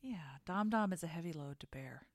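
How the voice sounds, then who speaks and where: A woman's voice: fairly low pitch, lively intonation, fairly quick, no echo. A woman co-hosting a podcast, chatting casually about wrestling with wry, dry asides. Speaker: podcast co-host. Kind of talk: casual chat recapping wrestling.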